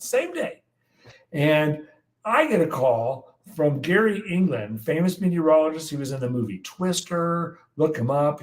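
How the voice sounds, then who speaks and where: A man in his sixties from the United States, a guest meteorologist telling animated stories in an interview and acting out the quotes. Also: a little high, rough recording. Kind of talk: storytelling in an interview.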